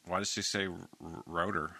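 A man interviewing a guest over a video call, easygoing and halting with restarts. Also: low-pitched, level tone, pushed and bright, no echo. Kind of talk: casual interview.

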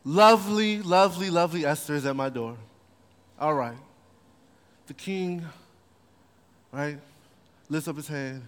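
A man's voice: fairly high pitch, measured pace, long pauses. A man preaching a sermon, telling the story playfully and animatedly with slang. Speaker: pastor. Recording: long hall reverb.

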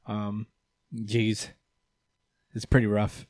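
A man's voice: fairly low pitch, monotone, very slow, a little mellow, dry recording, clean studio sound. Chatty man recapping with laughs. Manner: chatty, laughs often, frequent fillers. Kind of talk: casual chat recapping a comic chapter.

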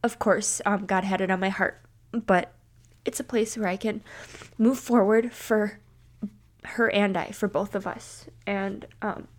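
A woman in her thirties hosting a personal podcast, talking candidly and tearfully, with fillers and halting pauses. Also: mid-range voice, steady tone. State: tearful, near crying. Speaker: podcast host. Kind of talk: personal solo podcast talk.

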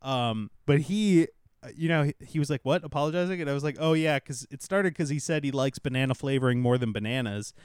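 A man's voice: medium pitch, a little fast, clear, resonant tone, no room sound, clean studio sound. A man co-hosting a comedy podcast, joking and self-deprecating in casual banter. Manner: animated, jokey, self-deprecating. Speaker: podcast co-host.

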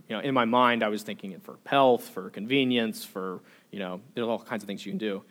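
A man's voice: on the low side, a little fast, fairly bright tone. A young adult man preaching a sermon as pastor, earnest, asking repeated rhetorical questions and often restarting his words.

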